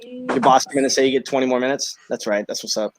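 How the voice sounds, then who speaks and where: A man co-hosting a casual podcast, telling stories in a relaxed way and swearing. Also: medium pitch, fast, slight background noise.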